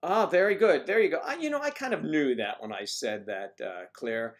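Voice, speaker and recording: A man's voice: a little high, expressive, moderate pace. A man hosting a casual morning livestream, chatting playfully and reading out viewer comments. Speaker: livestream host.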